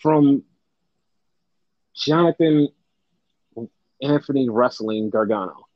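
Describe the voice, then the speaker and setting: Chatting about wrestling on a laid-back podcast he co-hosts, a young man speaks slowly at medium pitch, with no room sound. He's animated and swears a lot, doing over-the-top impressions of fans, and the podcast mic sounds dry and slightly dull.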